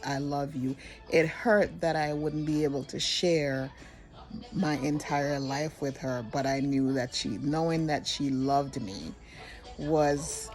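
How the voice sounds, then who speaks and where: An older woman telling a personal story in an earnest, halting way, often restarting her sentences. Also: deep voice, a little mellow.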